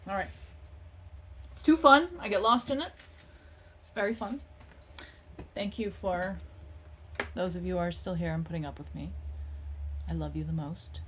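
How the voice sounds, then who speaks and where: A woman's voice: fairly low pitch, normal speed, pauses often, fairly bright tone, a little hiss or hum. A woman doing a casual tarot reading, talking in a playful, rambling and self-mocking way. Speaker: tarot reader.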